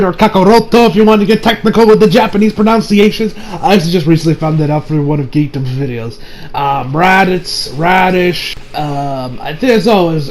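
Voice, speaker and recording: High-voiced young man reviewing anime. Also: slight background noise, low-quality recording. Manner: rambling, with profanity and many restarts. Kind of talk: casual episode review.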